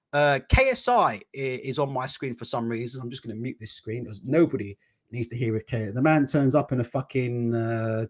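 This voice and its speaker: A man chats live about boxing from a room at home. His voice sits a little high and swings widely in pitch, loose and repetitive, with plenty of swearing and loud laughs. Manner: animated, repetitive, swears freely, laughs loudly. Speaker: host of a live boxing chat stream. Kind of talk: casual live-stream chat.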